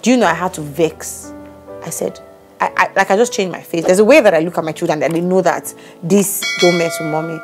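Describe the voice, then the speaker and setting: Animated woman telling a story. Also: fairly low pitch, a little fast, music in the background. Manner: animated storytelling, acts out quotes. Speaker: podcast co-host. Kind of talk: casual chat.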